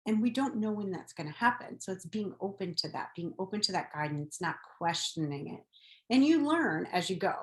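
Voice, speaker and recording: A woman hosting a spiritual podcast, telling personal stories in an earnest, gentle way. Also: medium pitch, lively intonation, moderate pace, roomy sound. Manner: earnest, gentle storytelling about faith. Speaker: podcast host.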